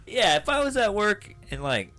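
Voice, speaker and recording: A man's voice: sits high, very animated, moderate pace, bright, forceful tone, soft background music. Guy on a podcast cracking jokes, voice bouncing all over. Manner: jokey, quotes cartoon bits. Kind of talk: casual chat.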